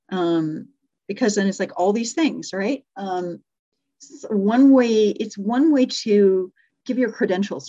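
Middle-aged female speaking coach, mid-pitched, thinks aloud and corrects herself, slightly muffled recording. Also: warm tone. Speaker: communication coach. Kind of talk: live workshop teaching.

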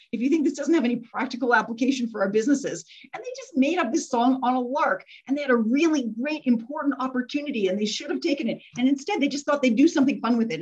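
A middle-aged woman giving a motivational talk to a group, chatty and animated, laughing often as she tells stories. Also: fairly high pitch, husky. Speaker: speaker teaching a group. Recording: dull lo-fi recording.

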